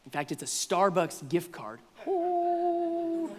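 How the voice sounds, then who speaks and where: Male pastor, high-pitched, animated sermon delivery, reverberant sanctuary. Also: normal speed. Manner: animated, acts out voices of congregants with playful exaggeration. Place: church sanctuary.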